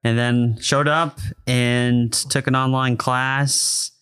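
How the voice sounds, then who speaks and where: A man's voice: mid-range voice, level tone, slow, a bit bright, clear, resonant tone. A young man co-hosting a podcast, telling a casual story and chuckling as he goes. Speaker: podcast co-host. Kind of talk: casual chat.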